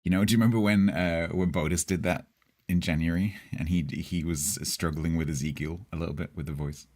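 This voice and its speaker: A man's voice: low voice, steady tone, fairly quick, darkish tone. A man with a Southeast English accent, chatting casually with his viewers as a game streamer, rambling with hesitations. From Southeast England.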